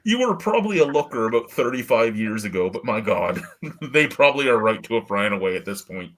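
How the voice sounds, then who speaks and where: A man's voice: on the low side, sing-song, fairly quick, fairly bright tone. A man hosting a casual podcast chat, telling profane, laughing stories about old coworkers. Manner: storytelling with profane, laughing asides. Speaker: podcast host.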